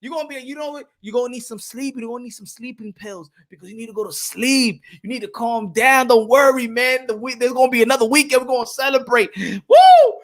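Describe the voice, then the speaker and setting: A man hosting a boxing channel, talking casually and excitedly on a livestream, trash-talking and laughing. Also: very high-pitched, fast, few pauses.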